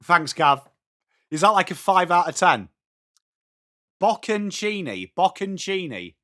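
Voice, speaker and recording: Young northern english guy doing a footy watchalong stream, high pitched, chats with viewers between plays. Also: normal speed. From England. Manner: excitable, banters with viewers by name. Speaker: host of a fan watchalong stream. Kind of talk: live sports commentary mixed with reading chat.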